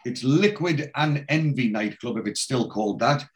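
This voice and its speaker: A man's voice: medium pitch, lively intonation, moderate pace. A man from England chatting casually as a podcast host, retelling scenes from a TV episode and quoting the characters' lines. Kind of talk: casual chat recapping a TV episode.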